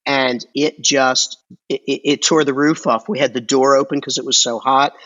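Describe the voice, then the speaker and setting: Record store owner, male guest, halting rambling chat, dull lo-fi audio. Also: mid-range voice, fairly even intonation, a bit bright. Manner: rambling, halting with many restarts and fillers. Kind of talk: casual conversation.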